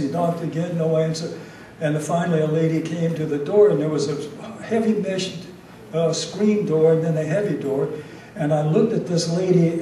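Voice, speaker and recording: An older man with a fairly high voice tells stories at an award luncheon, acting out each exchange. He pauses on frequent "uh" fillers. His voice comes from far off in a very echoey banquet hall with faint room noise. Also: mellow. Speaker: award recipient giving a speech. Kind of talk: anecdotal after-lunch speech.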